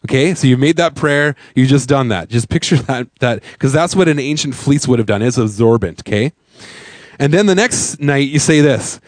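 A man's voice: medium pitch, fairly quick, no room sound. A man, a pastor, preaching a sermon in a conversational way, full of fillers and rhetorical questions. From Canada.

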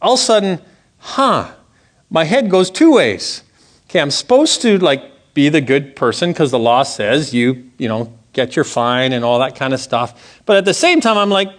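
A man, preaching a sermon in a church and telling a personal story, animated and conversational, asking the congregation questions. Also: moderate pace. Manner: animated storytelling, acts out quotes with big pitch jumps; conversational, asks the audience questions. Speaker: pastor.

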